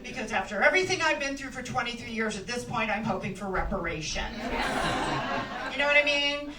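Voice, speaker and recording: Middle-aged woman doing stand-up, lively pitch. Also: a little fast, a crowd in the background. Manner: wry, conversational, with frequent laughter. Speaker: stand-up comedian. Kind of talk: stand-up set. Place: comedy club stage. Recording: roomy club sound from a distance. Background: audience laughter.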